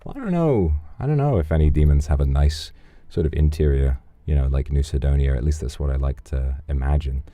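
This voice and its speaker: A man's voice: extremely low pitch, brisk, hardly any pauses, no room sound. A man streaming, casually reading out donations in a teasing, flirtatious, rambling way. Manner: relaxed, rambling, with fillers.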